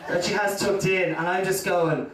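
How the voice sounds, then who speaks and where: Captured from afar in an echoey comedy club with background noise, an Irish stand-up comedian rambles through his routine, tossing in "you know" asides. He speaks at normal speed in a high, steady voice.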